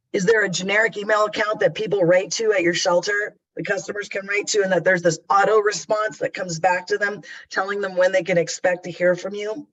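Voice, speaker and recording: Chatty middle-aged guy teaching a webinar, high voice, kinda dull lo-fi sound. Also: a bit bright. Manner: conversational, chatty and candid. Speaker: customer service trainer. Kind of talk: webinar presentation.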